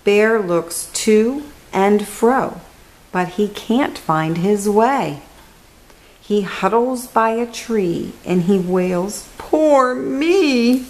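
A woman with a medium-pitched voice reads a children's picture book aloud, slow and expressive, dropping to a hush on key words. The recording is rough.

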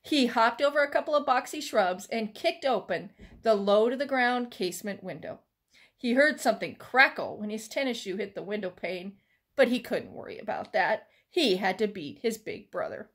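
A woman's voice: fairly high pitch, normal speed. Woman reading a chapter book aloud. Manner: expressive storytelling.

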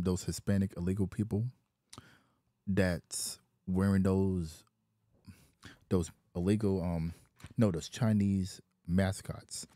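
Male vlogger, very low and mellow voice, repetitive complaining delivery. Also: no echo, clean studio sound. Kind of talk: casual rant.

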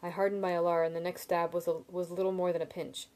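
A woman reading a novel aloud in steady first-person narration, with small slips and restarts. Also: lowish voice, fast. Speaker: reader.

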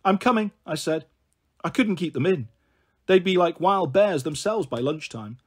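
A man reading a children's novel aloud, expressive in his narration. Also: fairly high pitch, measured pace, breathy edge. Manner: expressive, shifts voice for characters. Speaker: storyteller.

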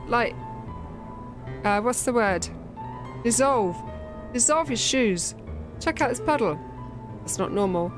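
A woman plays through a story game, reading its lines aloud and joking between them. Her delivery is playful and chatty. Game music plays clearly behind her voice. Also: a little high, animated, slow pace, long pauses. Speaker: gameplay streamer. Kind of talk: playthrough commentary, reading dialogue aloud.

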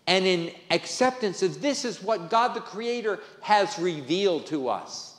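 Man preaching slow, voice rising and falling a lot, church hall echo. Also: high voice, big pitch swings. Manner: emphatic, repeats key phrases for stress. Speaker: pastor. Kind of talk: sermon. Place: church sanctuary. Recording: echoey church with long reverb.

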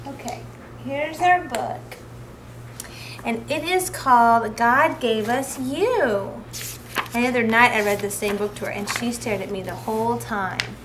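High-voiced mother cooing to her baby. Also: measured pace, background noise. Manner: cooing, sing-song talk to a baby. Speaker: new mother. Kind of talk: home video baby talk. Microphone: handheld camcorder.

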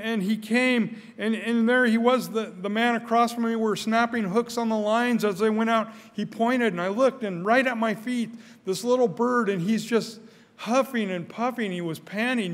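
An older man preaching a sermon in a church, earnest, often repeating his first words, growing louder when stirred. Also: high voice, moderate pace. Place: church sanctuary. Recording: church hall with long reverb.

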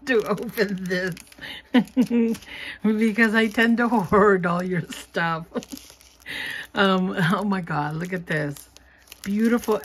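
A woman chatting casually as she opens craft mail, gushing and giggling, sometimes dropping to a soft whisper. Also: fairly low pitch, husky. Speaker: craft vlogger opening happy mail. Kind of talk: casual unboxing chat.

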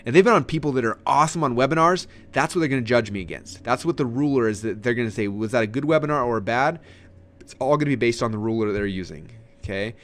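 Guy doing a webinar training, super energetic, talks really fast, close mic. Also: medium pitch. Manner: energetic, animated delivery, sitting forward and gesturing. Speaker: marketing trainer.

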